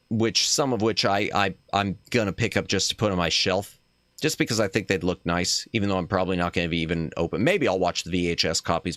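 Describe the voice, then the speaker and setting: A man's voice: on the low side, a bit bright, no echo. A man hosting a casual chat stream, talking in a rambling, opinionated way that trails off and restarts as he goes. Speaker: streamer host.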